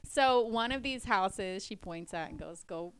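A young woman co-hosting a podcast, telling a long story in a casual, animated way. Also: mid-range voice, unhurried, smooth. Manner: animated storyteller, puts on a mock British accent for quoted lines. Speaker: podcast co-host.

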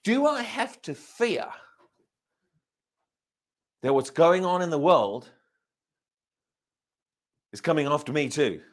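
Speaking slowly with frequent pauses, a pastor with a high-leaning, very animated voice delivers a sermon. He fires rhetorical questions at the congregation, repeats and restarts phrases, and draws out important words.

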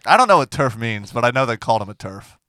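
A man co-hosting a comedy podcast in casual chat, teasing with deadpan jokes. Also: mid-range voice, quick pace, no room sound, clean studio sound.

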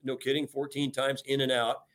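Joining a podcast interview remotely from a home or office, a retired U.S. admiral, an older man, talks with energy and emphasis, leaning on key words and dropping in "you know." His pitch is typical for a man, his tone level and fairly bright, and his pace moderate.

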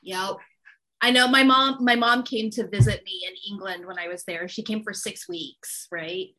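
A bright, animated woman co-hosts a podcast, speaking casually in a mid-range voice at a moderate pace. The recording quality is low.

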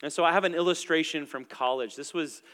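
A young adult man preaching a sermon in a relaxed, conversational way, with plenty of filler words. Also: on the high side, quick pace. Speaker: pastor. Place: church auditorium stage. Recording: long reverb from a large hall.

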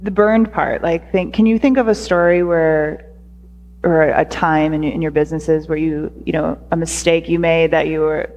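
A woman's voice: deep voice, steady tone, moderate pace, a little mellow. A woman interviewer asking a guest encouraging questions. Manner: encouraging, brief affirmations. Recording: dull, reverberant, faint noise.

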